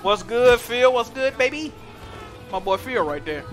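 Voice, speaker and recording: A young man streaming a game, telling stories in animated, profane slang. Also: very high voice, unhurried, faint music behind. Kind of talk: casual chat while gaming.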